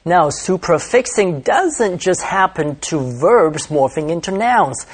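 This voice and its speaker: A woman co-hosting a language lesson, explaining word stress in a clear, scripted way and slowing down to model the words. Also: lowish voice, big pitch swings.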